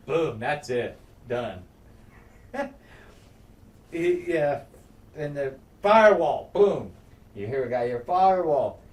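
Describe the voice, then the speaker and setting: A man in casual podcast chat, excitedly recapping a TV episode, swearing and acting out scenes with sound effects. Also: mid-range voice, slow, long pauses. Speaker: podcast co-host. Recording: echoey room, mic at a distance, faint noise.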